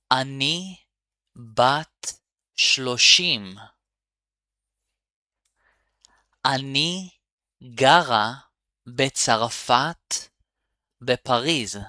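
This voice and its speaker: A man teaching a beginner language lesson, upbeat and encouraging, repeating words slowly so learners can follow. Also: medium pitch, pushed and bright, dry recording.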